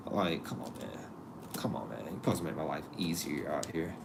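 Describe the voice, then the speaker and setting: A man's voice: a bass voice, expressive, a little fast, gravelly, noisy background. A man hosting a casual live stream, joking with his viewers and laughing at himself as he talks. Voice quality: laid-back and joking, talks to chat. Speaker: livestream host.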